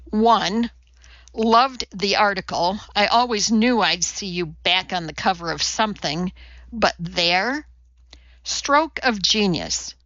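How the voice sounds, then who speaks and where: Lady reading as a blunt bossy businesswoman, brisk and crude, bright dry sound. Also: medium pitch, lively intonation, no room sound, lo-fi sound. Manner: brisk, swearing. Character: brash blunt woman executive, scheming and crude.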